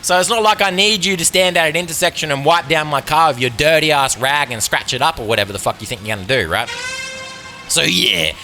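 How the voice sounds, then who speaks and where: A man's voice: on the high side, fairly quick, sharp tone, soft background music. A man with an Australian accent hosting a podcast, ranting in a sarcastic, profane, riffing way. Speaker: podcast host. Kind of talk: casual comedic rant.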